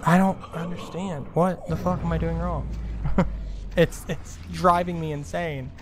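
A man's voice: on the high side, fairly even intonation, measured pace, slight background noise. A man playing a horror video game and commenting, growing exasperated and swearing over and over at how confusing it is. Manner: exasperated, swearing, rhetorical complaints. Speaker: gaming video host. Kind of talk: frustrated let's play commentary.

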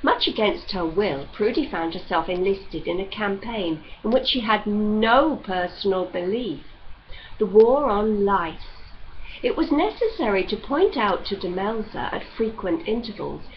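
A woman reading a novel aloud as narrator in measured storytelling, on a slightly dull recording with faint hiss. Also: mid-range voice, lively intonation. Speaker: audiobook reader.

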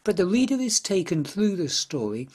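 Husky man narrating literary commentary. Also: high-pitched, big pitch swings, darkish tone. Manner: measured, explanatory. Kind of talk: scripted narration.

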